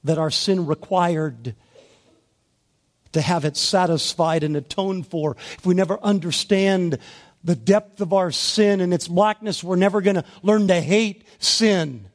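A male preacher giving a sermon, moving between hushed, gentle passages and loud, rising emphasis, drawing out key words slowly. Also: high voice. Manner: slow, deliberate delivery with drawn-out key words.

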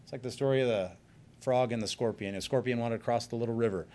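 A male pastor giving an earnest sermon, slowing down to stress key points. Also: mid-range voice, mellow. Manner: earnest, emphatic preaching with slowed stresses.

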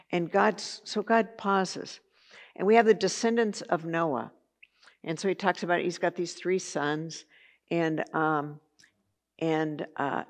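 A woman teaching a Bible study lesson in a conversational way, with chatty asides and filler words. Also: on the low side.

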